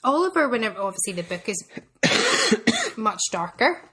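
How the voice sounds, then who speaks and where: A woman's voice: a little high, wildly swooping pitch, normal speed, pushed and bright, husky. A woman co-hosting a podcast in casual chat, easygoing, sharing trivia with plenty of "um"s. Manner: easygoing, shares trivia with fillers. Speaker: podcast co-host.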